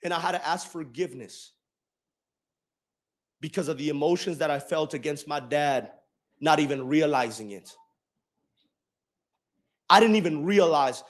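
A young man preaching a sermon and telling his own story, moving from quiet reflection to shouted emphasis. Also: a little high, measured pace, pauses often. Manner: testimony-style preaching, swinging from soft reflection to shouted emphasis.

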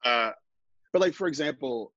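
A middle-aged man telling a personal story live on a podcast, halting and self-deprecating, with many restarts. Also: mid-range voice, animated, bright, forceful tone, no room sound, lo-fi sound. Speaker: guest storyteller.

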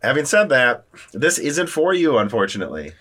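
A man hosting a casual tech chat, animated and talking through quick restarts. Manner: animated, talks through restarts, lively pitch jumps. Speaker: podcast host.

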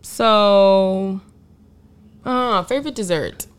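A woman co-hosting a casual chat, talking loosely with drawn-out fillers and the odd swear word. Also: mid-range voice. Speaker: podcast co-host.

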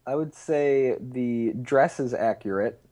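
A man's voice: medium pitch, takes it slowly, dark tone. A man from Chicago co-hosting a casual podcast chat, dry and understated with short answers. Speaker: podcast co-host.

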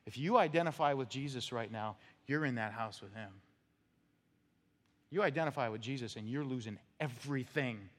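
A pastor preaches an expository sermon in a church sanctuary, telling it in a conversational, storytelling way. His voice is medium-pitched and he speaks at normal speed. A long church-hall reverb fills the recording.

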